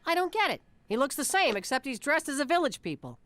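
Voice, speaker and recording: Cartoon mob wife, New York Italian-American accent, very high swooping voice, brash. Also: female voice, sing-song, quick pace, fairly bright tone, no echo. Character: loud fussy mob wife and mother.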